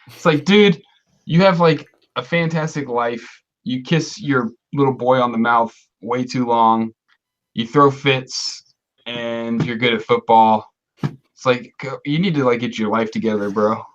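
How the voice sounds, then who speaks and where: A tipsy man talks in loose, rowdy banter on a livestream. His voice sits at a middling pitch, and he rants and jokes with the others in a casual chat. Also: steady tone, measured pace, dull audio. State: tipsy from beer. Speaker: livestream co-host.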